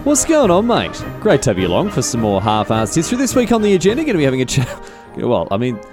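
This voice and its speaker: A man's voice: medium pitch, huge pitch swings, fast, over music. A man with an Australian accent hosting a comedic history podcast, rambling and mock-indignant, swearing casually as he tells the story. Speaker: podcast host.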